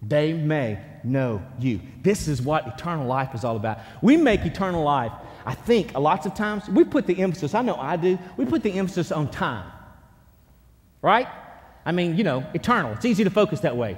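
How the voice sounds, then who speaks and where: A man preaching a sermon as pastor, animated, swinging from hushed lines to loud ones. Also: high-pitched, a little fast, in a large hall. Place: church sanctuary.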